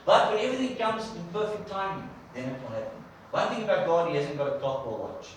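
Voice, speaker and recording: Animated preacher in an echoey church. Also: male voice, high-pitched, fast talker, slight background noise. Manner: animated storyteller, conversational, acts out quotes. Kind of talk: sermon. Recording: echoey church from a distant mic.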